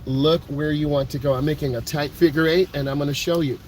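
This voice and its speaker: Man, driving instructor, calm repetitive coaching, slightly high voice, clear road and engine noise behind. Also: a little fast. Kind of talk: in-car driving lesson. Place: inside a car driving on snowy roads.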